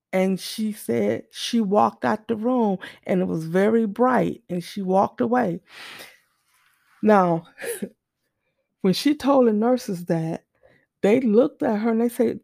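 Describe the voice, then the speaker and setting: Woman with a gravelly voice, earnest testimony. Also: fairly high pitch, takes it slowly, a little mellow, dry recording, clean studio sound. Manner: earnest, repeats and restarts, acts out quoted voices. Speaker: mother telling a faith testimony. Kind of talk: personal testimony storytelling.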